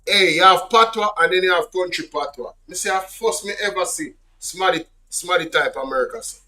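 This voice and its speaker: A man's voice: high-pitched, fast, pushed and bright, distant mic, soft background music, low-quality recording. A Jamaican man hosting his channel, chatting casually and switching between patois and English. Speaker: channel host. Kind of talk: casual commentary.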